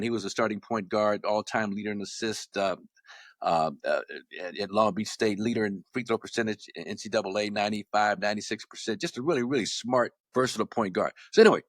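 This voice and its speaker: A man in his sixties from Los Angeles, a former basketball player telling stories as a podcast guest, animated and often repeating words as he restarts. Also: lowish voice, no echo, studio quality. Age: 60s. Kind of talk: casual storytelling.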